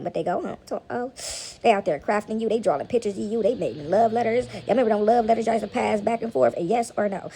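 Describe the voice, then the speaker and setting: A woman vlogger sits back among laundry at home, offering her viewers casual spiritual commentary. Her mid-range voice is creaky and mellow, and she rambles, repeats herself, and slips into mocking voices over slight background noise.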